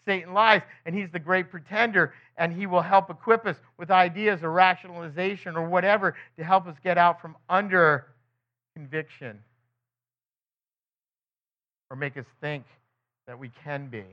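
A man giving a conversational sermon as a Bible teacher. He keeps asking the listeners rhetorical questions and breaks into quick acted quotes of other people. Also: sits high. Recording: dull lo-fi recording.

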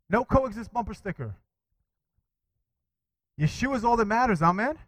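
A man preaching a sermon with animated delivery, calling out to his congregation for responses and quoting scripture. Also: high-pitched, normal speed, long pauses, no room sound, low-quality recording. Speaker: pastor.

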